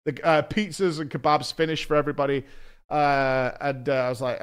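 A man's voice: a little high, lively intonation, fairly quick, clear, resonant tone. A British man streaming a game, telling a rambling story with lots of swearing. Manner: rambling, swears often, self-mocking. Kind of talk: casual storytelling while gaming.

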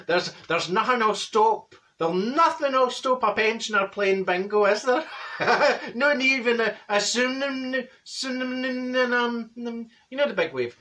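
In a full character voice, a man speaks very high-pitched, sharp and expressive, at a measured pace. It's a comedy character monologue: he plays a chatty, blunt Glaswegian woman with a Scottish accent, gossiping and bossing her way through a comic tale while doing other people's voices.

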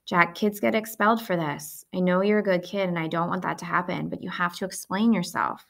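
A woman's voice: fairly low pitch, fairly even intonation, fairly quick, vocal fry, fairly bright tone. A woman reading aloud, voicing a patient, kindly male school principal in an earnest, reassuring way. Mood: stern.

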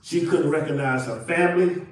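Man, pastor's sermon, highish voice, big echoey sanctuary, mic set back. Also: normal speed. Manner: preaching with big swings from loud to hushed. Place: church sanctuary. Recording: echoey church from far off.

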